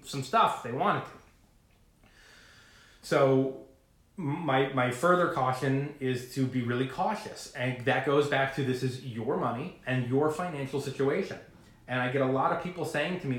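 A man talking casually to camera about his investing, rambling and animated, swearing now and then. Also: fairly high pitch, roomy sound. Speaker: retail investor vlogger.

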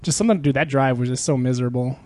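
A man's voice: medium pitch, racing, a little mellow, no room sound. A young man chatting casually with a friend, rambling, swearing a lot and laughing often. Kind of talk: casual chat.

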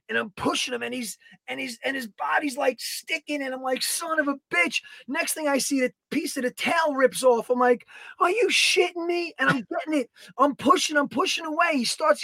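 A man co-hosting a podcast, telling a story in a casual, animated way, swearing and acting out his own quotes. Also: very high-pitched, no room sound. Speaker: podcast co-host. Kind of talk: casual chat.

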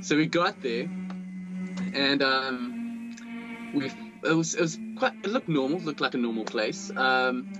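A man from South Africa with a South African accent, telling a ghost story as a guest in a relaxed, conversational way. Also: medium pitch, measured pace, muffled recording, over music.

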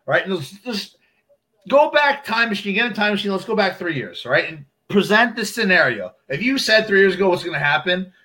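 A man co-hosting a casual chat, animated and acting out imagined voices as he argues. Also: sits high, a little fast. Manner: animated, acts out voices in quotes.

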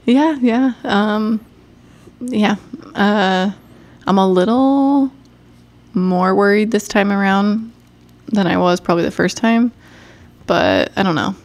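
A woman's voice: mid-range voice, lively intonation, takes it slowly, pauses often. A young woman co-hosting a casual podcast, talking with a stuffed-up nose, rambling and cutting herself off with frequent laughs. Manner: rambling, self-interrupting, laughs often. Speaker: podcast co-host. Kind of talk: casual chat.

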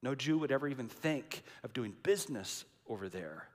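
A man's voice: mid-range voice, expressive, normal speed. A man preaching a sermon in a dramatic, emphatic way, repeating key lines for weight. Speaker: pastor. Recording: long hall reverb.

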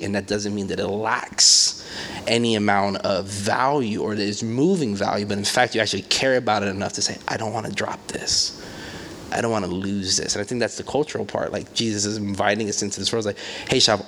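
A man's voice: on the low side, a little hiss or hum. A man preaching in a conversational way, telling stories with lots of fillers and playful acted quotes. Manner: animated storytelling with acted quotes and many fillers. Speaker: pastor. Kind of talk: conversational sermon.

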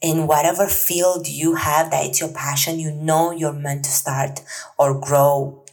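A woman in her thirties hosting a solo podcast, talking in an earnest, chatty way with many fillers and soft laughs. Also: deep voice, little pitch movement, measured pace, poor audio. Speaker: podcast host.

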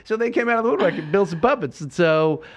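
A middle-aged man telling stories as a podcast guest. He is excitable, laughs often, swears freely and acts out dialogue. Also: sits high, quick pace. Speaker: podcast guest, filmmaker and lawyer. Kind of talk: animated storytelling in casual chat.

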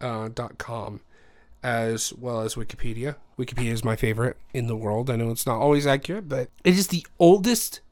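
A man's voice: mid-range voice, brisk. A man co-hosting a casual podcast, with an ordinary mid-range voice. He teases his co-host and swears freely. When he tells a story he rambles, full of uhs and restarts. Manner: teasing, swears freely, laughs loudly when flustered. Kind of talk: casual chat.

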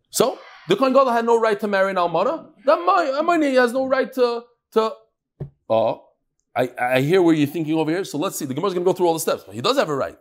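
Animated, high-pitched man teaching Talmud. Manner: animated, fires rhetorical questions, frequent restarts. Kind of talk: Talmud class lecture.

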